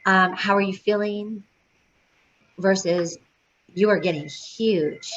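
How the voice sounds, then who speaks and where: A woman's voice: medium pitch, slow. A woman leading a prenatal yoga teacher training, talking in a chatty way with many fillers. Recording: dull lo-fi sound with faint noise.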